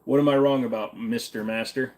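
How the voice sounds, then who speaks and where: His voice medium in pitch, a little mellow and fairly even, a young livestream host from Virginia talks a little fast. He reads viewer comments and fires back blunt, unscripted answers, swearing at times.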